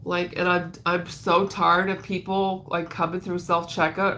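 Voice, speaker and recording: A woman's voice: fairly low pitch, level tone, measured pace, sharp tone, a little hiss or hum. A woman hosting a crochet livestream, chatting casually in a rambling way and greeting viewers by name, her voice stuffed up and nasal.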